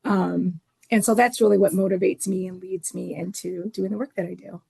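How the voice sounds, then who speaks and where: A woman's voice: lowish voice, steady tone, normal speed, gravelly, a little mellow, husky. A woman speaking casually at a town hall about her family, with filler words like "like.". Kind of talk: personal storytelling at a town hall.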